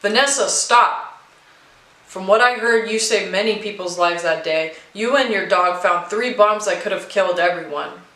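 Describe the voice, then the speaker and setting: A woman doing a warm, insistent widowed mother. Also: mid-range voice, normal speed, few pauses, reverberant, close to an everyday voice, low-quality recording. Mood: coaxing. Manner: gentle but pressing, welcoming.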